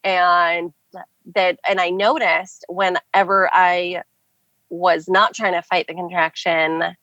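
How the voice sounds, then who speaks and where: A young woman with a lowish voice tells her story as a podcast guest, in a chatty way full of "like" and "um." The recording is dry and a little dull. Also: little pitch movement, takes it slowly, bright, forceful tone, dry recording. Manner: chatty, many "like" and "um" fillers. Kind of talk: casual storytelling.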